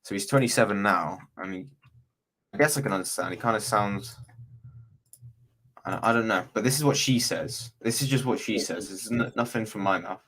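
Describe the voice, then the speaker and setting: A man hosting a true crime livestream in loose, rambling chat. His voice sits a little low, and he often stops to correct himself. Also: normal speed, a bit bright. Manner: chatty, rambling, self-correcting. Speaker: true crime stream host.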